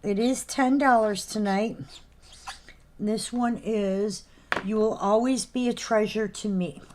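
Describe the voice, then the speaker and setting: A woman hosting a live figurine sale in casual chat, reading out item names and numbers slowly and clearly. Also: mid-range voice, fairly even intonation, a little mellow, slight background noise.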